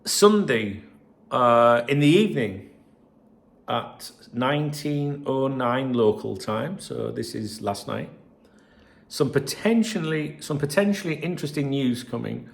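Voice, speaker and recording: A man's voice: medium pitch, expressive, a little slow, gravelly. A man hosting a football channel, reading out messages and chatting to viewers in a sweary, rambling way. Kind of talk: casual solo commentary reading messages.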